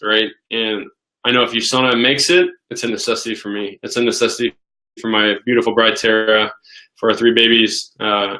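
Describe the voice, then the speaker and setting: Man, thirties, live Q&A host, bright tone, enthusiastic, restarts and repeats himself. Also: medium pitch. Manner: enthusiastic, excitable, repeats words and restarts often. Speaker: host of a live question-and-answer stream. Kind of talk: casual live Q&A chat.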